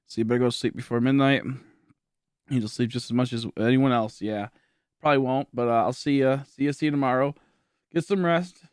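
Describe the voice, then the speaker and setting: A man's voice: medium pitch, fairly even intonation, quick pace, a little mellow, smooth, dry recording, clean studio sound. Tired young man rambling on stream. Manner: rambling, filler-heavy, thinking aloud. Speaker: game streamer. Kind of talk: casual livestream chat to viewers. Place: at home, indoors.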